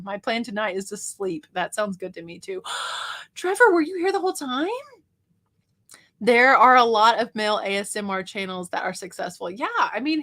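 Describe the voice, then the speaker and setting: A woman's voice: mid-range voice, pushed and bright. A woman hosting a casual livestream, chatting with viewers, laughing often and reading out their comments. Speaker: livestream host.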